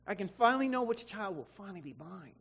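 A man's voice: high-pitched, very animated, quick pace, a bit bright, breathy edge. A man preacher telling an emotional testimony in a sermon, often repeating words as he goes. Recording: long hall reverb.

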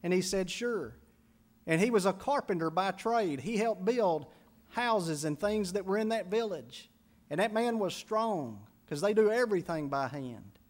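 A man's voice: sits high, lively intonation, measured pace. A man preaching a sermon as pastor, building to emphatic, rising intensity on key phrases.

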